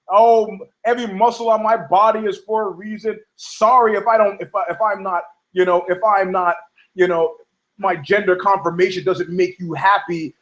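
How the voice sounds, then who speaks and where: A man from New York rants through a talk show monologue with a high, raised voice. He swears freely, doubles back on himself and keeps pressing his point with heated insistence. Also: a bit bright, rough recording. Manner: profane, heated, rambling with restarts. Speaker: podcast host. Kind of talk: ranting monologue.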